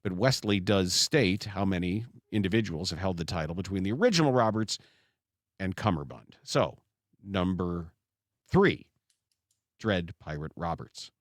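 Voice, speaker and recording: A man's voice: low-pitched, expressive, a little slow, no echo, clean studio sound. A man hosting a casual podcast chat, talking with lots of animation and slipping into pirate voices now and then. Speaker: sports radio host.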